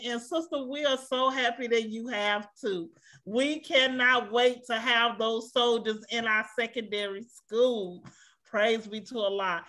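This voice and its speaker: A woman's voice: high voice, bright, forceful tone. A woman hosting an online school assembly over a video call, thanking each person by name with frequent religious praise phrases. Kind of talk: warm emotional assembly hosting.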